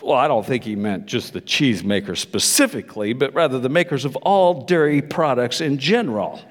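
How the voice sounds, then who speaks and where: A man's voice: medium pitch, animated, a little fast, in a large hall, natural voice. A man voicing a husband who patiently and pedantically corrects his wife. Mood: pedantic.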